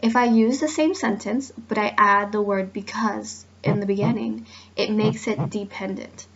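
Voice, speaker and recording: On a dull lo-fi recording, a female student steadily presents grammar to her class and reads examples aloud. She speaks at a moderate pace in a medium-pitched voice.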